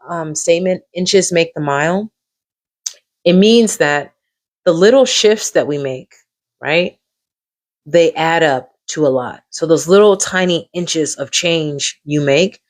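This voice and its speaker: A woman hosting a live coaching stream, encouraging and repetitive, reacting warmly to viewers in the chat. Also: low-pitched. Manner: encouraging, repeats phrases, lively reactions to viewers.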